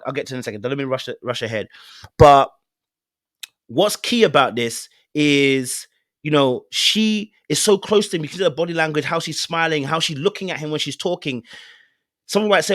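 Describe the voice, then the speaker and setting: A man's voice: a little high, animated, fairly quick, fairly bright tone, no echo, clean studio sound. A man hosting a relationship commentary, speaking earnestly and directly to his viewers. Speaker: host. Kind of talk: relationship commentary on a video clip.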